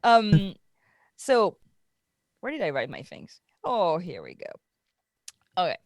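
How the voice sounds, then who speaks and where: Tired, excitable French woman. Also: on the low side, takes it slowly, no echo, clean studio sound. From France. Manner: scattered, excitable, many fillers and restarts. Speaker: podcast co-host. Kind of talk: casual podcast review chat.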